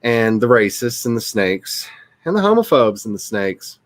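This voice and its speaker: A man's voice: on the low side, big pitch swings, normal speed, no echo. A man, chatting casually and rambling on a livestream. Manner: rambling and chatty, laughing often. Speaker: author and streamer.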